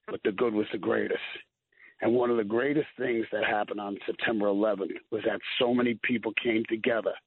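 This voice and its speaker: A firefighter, calling in and telling stories earnestly, getting choked up and repeating himself. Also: male voice, medium pitch, husky, dry recording. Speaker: firefighter guest. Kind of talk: emotional call-in storytelling. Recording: tinny phone line.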